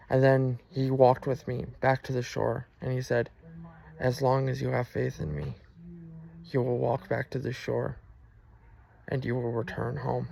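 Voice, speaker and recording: A man earnestly telling a personal religious testimony, halting often with fillers and restarts. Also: medium pitch, completely flat delivery, gravelly, darkish tone.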